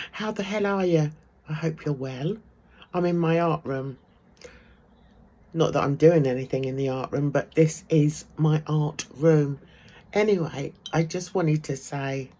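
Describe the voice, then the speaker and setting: A woman's voice: deep voice, dark tone. A middle-aged woman vlogging from her home art room, chatting casually to camera, laughing often and trailing off with ums. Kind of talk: casual gossipy chat to camera.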